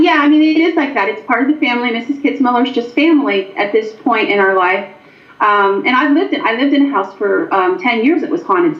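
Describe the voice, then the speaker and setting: A slightly high-voiced woman from Pennsylvania, a paranormal investigator, tells stories animatedly as an interview guest, saying "um" frequently. The recording is echoey with a dull, lo-fi sound.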